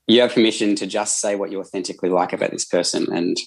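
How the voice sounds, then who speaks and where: Thoughtful low-voiced Australian man. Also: steady tone, fast, creaky, slightly rough. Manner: thoughtful, earnest explaining. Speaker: counsellor and guest. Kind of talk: casual conversational interview.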